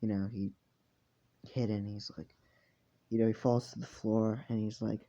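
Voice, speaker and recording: A man's voice: on the low side, flat delivery, normal speed, warm tone, highs cut off. A tired man narrating a fan story in a casual, rambling way, full of fillers and swearing.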